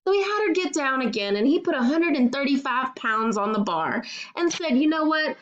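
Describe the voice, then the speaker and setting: A woman's voice: high voice, sing-song, normal speed, highs cut off. A woman student giving a recorded class presentation, telling a story casually with filler words.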